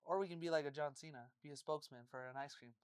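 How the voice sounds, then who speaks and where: A woman co-hosting a casual chat, telling a story in an animated way, swearing and laughing a lot. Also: low-pitched, very fast, clear, resonant tone, no echo, clean studio sound. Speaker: podcast co-host.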